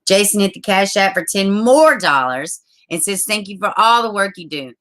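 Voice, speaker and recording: A woman's voice: medium pitch, animated, normal speed, fairly bright tone. A woman hosting a casual true crime livestream, chatting to viewers, swearing and ranting when frustrated.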